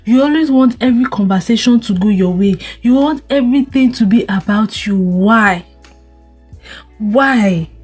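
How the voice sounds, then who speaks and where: A woman's voice: fairly high pitch, unhurried, darkish tone, slightly rough, soft background music. A young woman giving casual relationship advice to camera, firing off rhetorical questions and repeating herself. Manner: scolding rhetorical questions, repeats words, frequent laughs. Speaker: vlogger.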